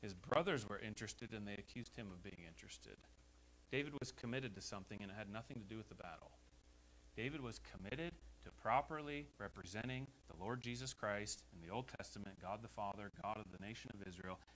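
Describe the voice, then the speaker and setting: A man with an American accent preaching a sermon as pastor in a church, emphatic and rising to loud exhortations. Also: fairly low pitch, low-quality recording. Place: church sanctuary. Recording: faint hum behind the voice.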